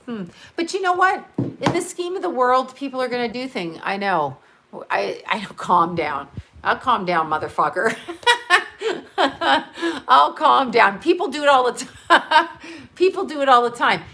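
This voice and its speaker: A woman's voice: medium pitch, a bit bright. Chatty, swearing woman on a livestream. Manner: chatty, swears freely, laughs at own jokes. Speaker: livestream host reading viewer comments. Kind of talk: casual livestream chat.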